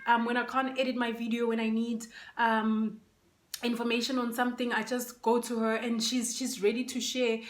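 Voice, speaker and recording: A woman's voice: on the high side, flat delivery, moderate pace, roomy sound. A woman vlogger chatting casually to her phone camera, emotional and close to tears, with many fillers. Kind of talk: casual unboxing chat.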